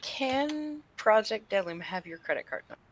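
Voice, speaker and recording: A woman's voice: mid-range voice, very animated, normal speed, a little hiss or hum. A woman chatting playfully on a gaming stream, fond of toying with accents. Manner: playful, keeps slipping into silly accents. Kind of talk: casual chat on a gaming stream.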